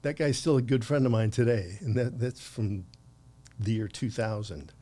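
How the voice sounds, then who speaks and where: A podcast guest, an American man in his sixties, relates long conversational anecdotes with frequent laughter and false starts. He speaks at a moderate pace in a lowish, dark voice.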